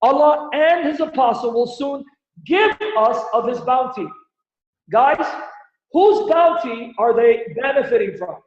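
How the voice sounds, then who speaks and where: A man's voice: extremely high pitch, lively intonation, measured pace. A man hosting a livestream, reading scripture aloud and animatedly pressing his audience with rhetorical questions. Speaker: Christian apologist host. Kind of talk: livestream Bible-Quran debate teaching. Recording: echoey, dull lo-fi stream audio.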